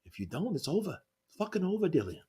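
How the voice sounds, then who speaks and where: A man imitating a pushy boxing promoter, giving a hushed, pressing pep talk full of swearing. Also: sits high, big pitch swings, quick pace, husky, pitched above the performer's own voice, heavily acted. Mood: urgent.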